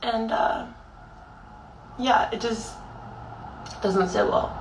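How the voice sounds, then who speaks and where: Tearful young woman, slow and halting. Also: a little high, reverberant, distant mic, slight background noise, poor audio. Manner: halting and raw, heavy swearing, many fillers. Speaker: vlogger. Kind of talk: emotional personal monologue.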